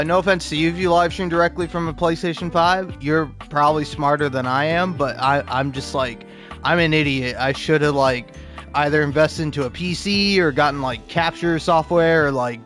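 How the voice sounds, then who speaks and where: A man's voice: on the high side, fairly even intonation, normal speed, fairly bright tone, soft background music. A young man chatting casually on a gaming live stream, rambling and self-deprecating with lots of false starts. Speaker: gaming livestreamer.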